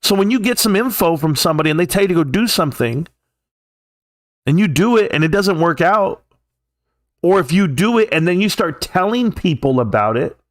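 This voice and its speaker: A high-voiced California man with lively intonation speaks fairly quickly while hosting a livestream, recorded at studio quality with no echo. His rant is rambling, profane and heated, and he mimics others in mocking tones.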